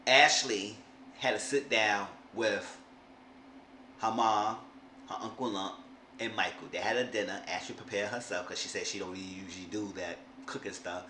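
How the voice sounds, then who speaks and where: A man's voice: on the low side, pushed and bright. A man casually recapping a reality TV episode, rambling and often restarting his sentences. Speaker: show recap vlogger. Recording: roomy room with faint hiss.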